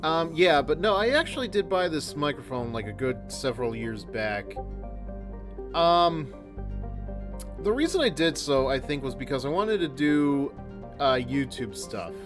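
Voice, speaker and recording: A man's voice: fairly high pitch, big pitch swings, unhurried, music in the background. Rambling man streaming a game. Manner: rambling, filler-heavy. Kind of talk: casual gameplay commentary. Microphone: desktop microphone with headphones.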